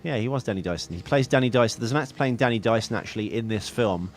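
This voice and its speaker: A man's voice: medium pitch, fast talker. Rambling man chatting about films. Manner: rambling, self-correcting, jokey. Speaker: podcast co-host. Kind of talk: casual film chat.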